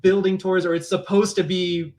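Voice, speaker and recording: A man's voice: high-pitched, level tone, fairly quick, a little mellow. A man appearing as a podcast guest in casual chat, speaking hesitantly with frequent restarts.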